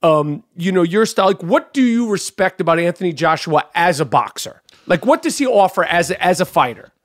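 High-pitched guy hosting a podcast, swears a lot, gets worked up, dry sound. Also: a little fast, no room sound. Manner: blunt and profane, excitable, many restarts. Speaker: podcast host. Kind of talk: podcast interview.

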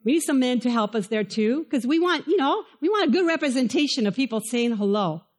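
High-voiced woman preaching a sermon. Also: expressive. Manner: emphatic, preacherly, with quick asides to the congregation. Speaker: pastor. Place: church chapel.

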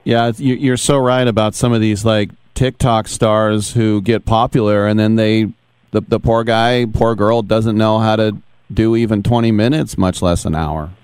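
A man's voice: on the low side, steady tone, normal speed, a little mellow, clear, resonant tone, no room sound. A man hosting an interview, easygoing as he asks questions and retells anecdotes. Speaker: podcast host. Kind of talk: casual interview talk.

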